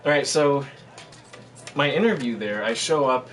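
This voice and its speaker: A man's voice: mid-range voice, normal speed, fairly bright tone. A young man streaming a game, chatting casually and telling rambling stories with laughs and fillers. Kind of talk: casual chat. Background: game music.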